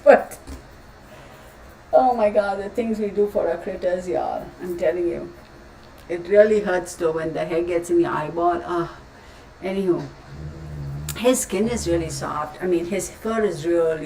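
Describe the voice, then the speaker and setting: A woman's voice: on the low side, moderate pace, gravelly, darkish tone. A woman hosting a tarot live stream, chatting casually and rambling with frequent exclamations. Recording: roomy, distant mic, faint background noise.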